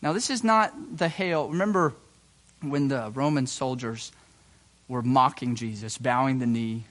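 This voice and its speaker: A man preaching a sermon, dramatic and folksy, dropping to hushed low passages and rising to loud excited bursts, with casual asides and restarts. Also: a little slow. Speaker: pastor.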